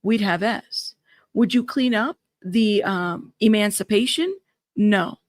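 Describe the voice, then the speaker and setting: A woman's voice: mid-range voice, slow, dry recording, studio quality. A woman hosting a live-stream, reading court updates aloud and breaking in with startled asides. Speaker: live-stream news host.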